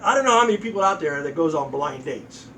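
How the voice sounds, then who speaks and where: A man's voice: fairly high pitch, lively intonation, quick pace, sharp tone, far from the mic, slight background noise, low-quality recording. A man in his sixties telling crude, profane jokes in a folksy storytelling way, acting out voices.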